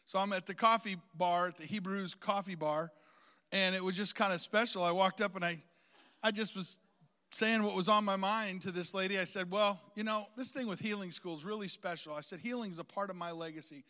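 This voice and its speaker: A man's voice: high-pitched, fairly even intonation, fairly quick, bright, forceful tone, in a large hall. A man preaching a sermon, outgoing and talkative, calling on the congregation to repeat phrases after him.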